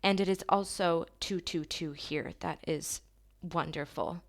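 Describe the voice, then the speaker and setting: A woman with a fairly low voice gives a channeled tarot reading to her viewers, speaking softly, slowly and affirmingly, with long, drawn-out pauses.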